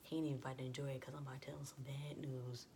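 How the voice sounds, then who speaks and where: A woman's voice: extremely low pitch, flat delivery, rapid-fire, warm tone, a little hiss or hum. A young adult woman vlogger telling a personal story in a chatty, casual way, full of "like" and quoted dialogue.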